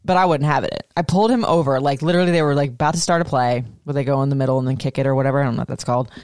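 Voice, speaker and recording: A woman in her thirties, co-hosting a casual chat, animated and swearing freely. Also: a bass voice, rapid-fire, no room sound, studio quality. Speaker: podcast co-host.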